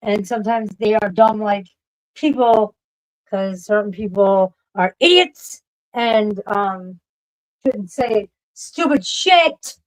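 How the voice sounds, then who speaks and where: A woman streamer in casual livestream chat, ranting with lots of swearing and shouting at her pets. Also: mid-range voice, takes it slowly, low-quality recording.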